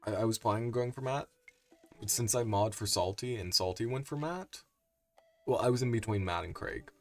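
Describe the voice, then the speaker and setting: A man's voice: fairly low pitch, brisk, faint music behind. A young man streaming a game live, chatty and rambling, with frequent side comments. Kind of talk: live game playthrough, reading aloud.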